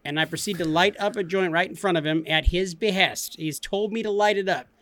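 A man's voice: sits high, fairly quick, fairly bright tone. Laid-back man telling a story. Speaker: podcast co-host. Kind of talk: casual storytelling.

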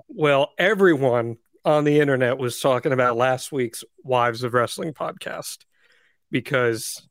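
A man's voice: medium pitch, a bit bright, no room sound. A man hosting a podcast from a studio, chatting casually and teasing his co-hosts in a playful way. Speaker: podcast host. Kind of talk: casual chat.

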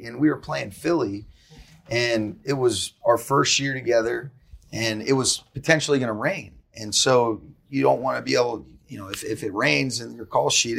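A man who is a head coach, guesting on a podcast and telling stories in a quick, animated way. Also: medium pitch, creaky, breathy edge. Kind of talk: casual storytelling.

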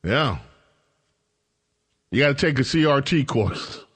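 A man's voice: mid-range voice, expressive, slow, long pauses, fairly bright tone, breathy edge. Sarcastic New talk radio man. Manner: sarcastic, mocking. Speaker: radio host.

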